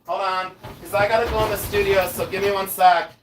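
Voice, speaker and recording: Guy on a home livestream, a little high-pitched, rambly and chatty. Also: steady tone, fairly quick, background noise. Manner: chatty, scattered, talks to chat while rummaging around. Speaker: livestream host, silversmith. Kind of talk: casual live-stream chat. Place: home studio.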